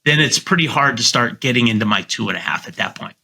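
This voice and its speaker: A middle-aged man, a guest real estate agent, talking casually in a podcast interview and confidently coaching how he pitches to sellers. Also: animated, fast talker, gravelly, pushed and bright, a little hiss or hum. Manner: confident, coaching tone, acts out his sales pitch.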